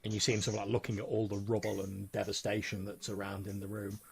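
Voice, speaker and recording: A man's voice: lowish voice, monotone, fast, gravelly, a little mellow. A man narrating a tabletop role-playing game as game master, in a casual, filler-heavy way.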